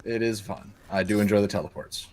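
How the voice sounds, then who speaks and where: A man's voice: fairly low pitch, brisk. A man co-hosting a gaming livestream, playful and teasing, laughing often. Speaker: livestream co-host. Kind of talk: casual gaming livestream chat.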